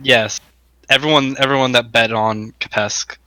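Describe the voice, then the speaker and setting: A man's voice: mid-range voice, fairly even intonation, normal speed, pushed and bright, smooth, no echo, low-quality recording. A man playing a tabletop game, speaking in a plain, matter-of-fact way. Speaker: player. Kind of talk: tabletop role-play.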